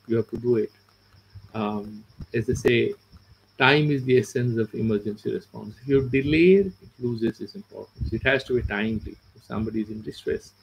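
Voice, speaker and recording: A man with an Indian English accent and a mid-range, fry-tinged voice gives a philosophy lecture as a Vedanta teacher, explaining verses with everyday examples and mixing in Sanskrit and Hindi. The audio is dull with a little hiss or hum.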